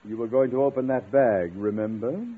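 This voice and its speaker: A man's voice: mid-range voice, normal speed, breathy edge, close to an everyday voice. An actor playing a pompous, self-important male school administrator in a 1950s radio sitcom. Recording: tinny old radio broadcast.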